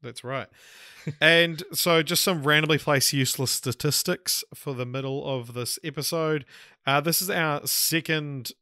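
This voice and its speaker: A man's voice: fairly high pitch, a little slow, bright, forceful tone, dry recording, studio quality. A man co-hosting a film podcast in casual chat, laid-back and chuckling between bits of trivia. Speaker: podcast co-host.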